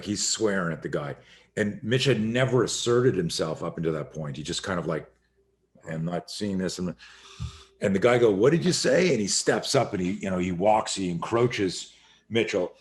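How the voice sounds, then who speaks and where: A middle-aged man, a self-defense instructor, telling an animated story as a podcast guest and acting out the voices of the people in it. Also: low-pitched. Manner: acts out quoted voices, swearing, emphatic.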